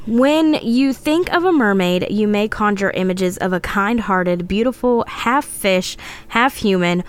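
A woman's voice: medium pitch, animated, measured pace, clear, resonant tone. A woman co-hosting a casual podcast, reading a legend from her notes with frequent laughs and stumbles. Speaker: podcast co-host.

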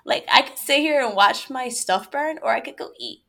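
A young woman telling a story in a casual, chatty way, with quick asides and laughs between lines. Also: high voice, lively intonation, a bit bright.

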